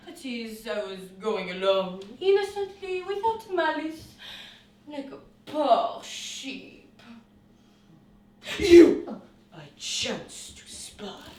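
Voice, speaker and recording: A woman's voice: sits high, very animated, takes it slowly, a little mellow, heavily acted. A woman playing a vain, boastful young male nobleman in a stage comedy, pompous and full of theatrical exclamations. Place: studio room. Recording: roomy studio, mic at a distance, faint noise.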